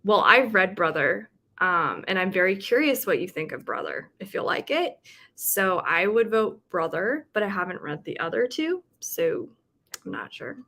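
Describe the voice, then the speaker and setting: A woman talks casually to her livestream viewers, reading out their comments and chatting back. Her voice is bright and clear, with a middling pitch. She fills the gaps with ums and short laughs. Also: very animated, normal speed. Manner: chatty, with frequent fillers and laughs. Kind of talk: casual chat.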